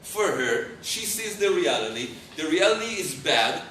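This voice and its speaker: Animated rabbi in an echoey hall. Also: male voice, a little high, normal speed. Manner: animated, often searching for English words. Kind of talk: storytelling lecture to a live audience. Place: lecture hall with audience. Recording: roomy hall, far mic, background noise.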